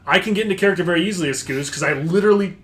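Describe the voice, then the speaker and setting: A man who ran the tabletop campaign, chatting casually and laughing often. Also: sits high. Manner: laughs often, quick asides. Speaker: game master. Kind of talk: casual podcast chat about a tabletop campaign.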